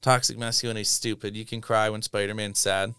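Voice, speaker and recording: A man co-hosting a casual podcast chat, animated and quick to laugh, retelling scenes and breaking into freestyle rap. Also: fairly low pitch, clear, resonant tone, no echo, studio quality. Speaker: podcast co-host.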